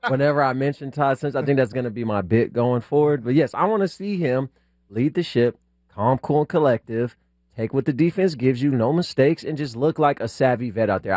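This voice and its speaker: A male sports-radio co-host who talks emphatically, stacking short punchy phrases. His voice is mid-pitched and sits dry and close on the studio microphone. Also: a little fast, a little mellow, no echo. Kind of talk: casual sports talk.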